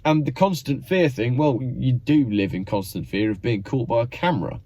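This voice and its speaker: A man's voice: mid-range voice, moderate pace, mellow, husky, dry recording. A man hosting his own channel, giving sarcastic, mock-exasperated commentary. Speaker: channel host.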